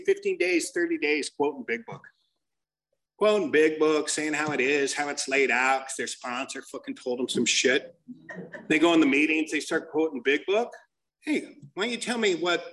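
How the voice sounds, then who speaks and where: A man telling blunt, profane stories as he shares with a recovery group. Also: on the high side. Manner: profane, blunt, animated storyteller. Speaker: speaker sharing at a recovery meeting.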